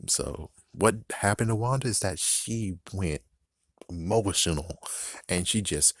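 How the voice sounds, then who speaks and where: A man from the United States talks through a show in a loose, rambling, swear-heavy commentary, laughing and correcting himself as he goes. His voice sits very low. The recording is dry and close, with no room sound. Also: a little slow, a bit bright, dry recording. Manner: rambling, profane, frequent laughs and self-corrections. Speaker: YouTube commentator. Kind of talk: casual reaction commentary.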